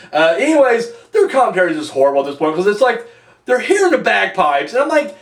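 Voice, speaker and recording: A man's voice: sits high, big pitch swings, fast talker. A man giving a casual, rambling wrestling review, swearing freely and using lots of fillers. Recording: echoey room, mic at a distance.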